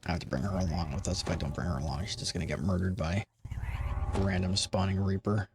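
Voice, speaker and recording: A man's voice: deep voice, steady tone, quick pace, background noise. A man streaming a game, giving casual, rambling commentary full of asides to his chat.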